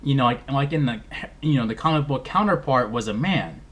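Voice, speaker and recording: A man giving a casual movie review vlog, rambling and animated, with lots of restarts. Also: mid-range voice, a little fast.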